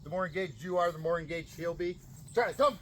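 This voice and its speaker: Man calmly coaching dog owners outdoors. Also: fast talker, a little hiss or hum. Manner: calm explaining, bursts of high excited praise to a dog. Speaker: dog trainer. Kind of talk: outdoor training demonstration.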